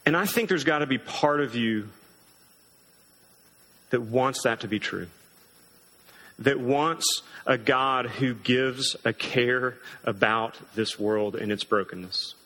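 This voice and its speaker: Bright-voiced earnest male preacher. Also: medium pitch, rough recording. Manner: emphatic, earnest preaching with dramatic slowdowns. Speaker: pastor. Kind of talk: sermon.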